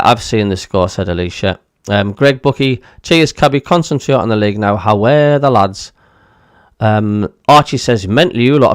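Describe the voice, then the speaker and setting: A man with a Sunderland (Mackem) accent talks in a plain, chatty way, with frequent ums as he reads out viewer comments. His voice is smooth and clear, recorded close and dry with no room sound. He sits at a middle pitch for a man. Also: no room sound. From Northeast England. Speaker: host of a football watchalong stream. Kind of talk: casual live-stream chat reading viewer comments.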